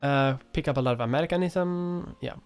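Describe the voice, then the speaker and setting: Soft music plays behind a Swedish streamer with a light accent as she chats casually, reading viewers' comments out loud and replying offhand with some casual swearing. She speaks briskly in a low, clear, resonant voice that's a little mellow.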